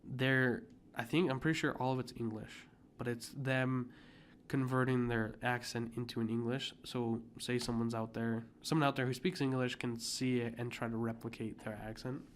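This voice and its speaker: A man's voice: medium pitch, level tone, normal speed, hardly any pauses. Young man, podcast host, casual rambling chat, faint background noise. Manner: rambling, lots of fillers.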